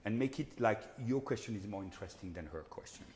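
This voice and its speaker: A man's voice: fairly low pitch, lively intonation, fast talker, a little mellow, slight background noise. A man leads an opera master class, his voice rising and falling as he scats rhythms and sings phrases to the students. The talk rings out with a long hall reverb. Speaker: vocal coach.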